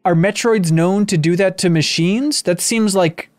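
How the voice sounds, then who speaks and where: A man with a somewhat high voice co-hosts a laid-back gaming podcast. He is eager and inquisitive, jumping in with questions and quick asides. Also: darkish tone. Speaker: podcast co-host. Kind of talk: casual video game discussion.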